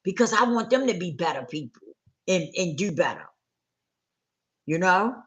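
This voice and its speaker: Woman host, fairly low voice, earnest motivational livestream talk, repeats key lines, checks in with listeners. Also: big pitch swings, normal speed, a bit bright. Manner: earnest, repeats her points for emphasis. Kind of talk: motivational talk to a live audience.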